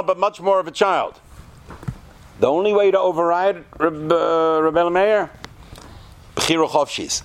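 A man teaching a class of students, animated and talkative, often asking them questions. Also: high-pitched. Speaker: yeshiva teacher. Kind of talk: lecture to students.

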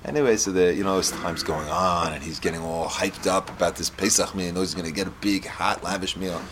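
A man giving a storytelling Torah lesson, reading Hebrew lines and explaining them in English, with lively character voices. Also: low-pitched, brisk, background noise.

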